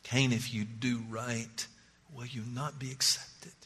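A preacher voicing God, slow and grave. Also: male voice, lowish voice, long reverb tail, pitched below the performer's own voice, full character voice. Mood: solemn. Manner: slow, soft, solemn. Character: God speaking gently, grave and patient.

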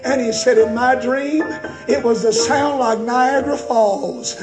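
A man preaching a sermon in a church, impassioned and building to shouts. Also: extremely high pitch, fairly even intonation, measured pace. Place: church sanctuary. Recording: echoey church with loud music.

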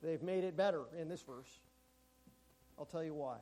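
A man preaching a sermon in a church. He speaks emphatically and slows down and drops to a hush on key words. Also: fairly high pitch. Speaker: pastor.

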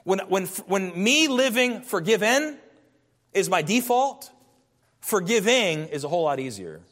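A man's voice: sits high, big pitch swings, measured pace, a bit bright, in a large hall. A man preaching a sermon as a pastor, earnest and emphatic, his voice rising in bursts.

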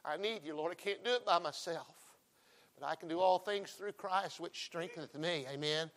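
A middle-aged man preaching a folksy revival sermon, emphatic and swinging between loud calls and hushed asides. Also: a little high, normal speed.

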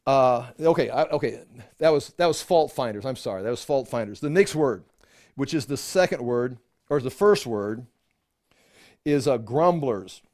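A man's voice: mid-range voice, lively intonation, normal speed, darkish tone, dry recording, clean studio sound. A man leading an informal Bible study for a small group, talking conversationally with many restarts and the odd chuckle.

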